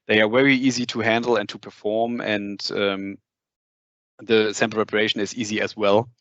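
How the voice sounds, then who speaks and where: A man giving a live laboratory demonstration, explaining each step in a halting way with many fillers and restarts. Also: lowish voice, level tone, a bit bright, lo-fi sound. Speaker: product demonstrator. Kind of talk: live lab demonstration over a video call. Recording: roomy sound with faint noise.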